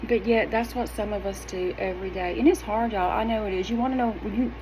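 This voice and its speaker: A middle-aged woman, talking straight to her viewers in a sassy, animated, emphatic way. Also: mid-range voice, a little fast, noisy background. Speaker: wellness vlogger. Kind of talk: casual direct-to-camera talk.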